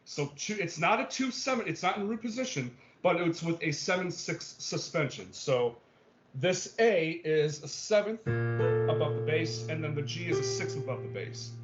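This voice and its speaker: An expressive, slightly high-pitched man speaks at normal speed while lecturing on music theory online. His step-by-step explanations come with many okays and ums, and he regularly checks that students follow along. It's captured as dull, lo-fi video-call audio.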